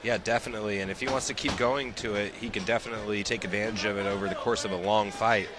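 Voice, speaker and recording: Low-voiced fight color commentator man. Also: quick pace, background noise. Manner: relaxed analysis with fillers.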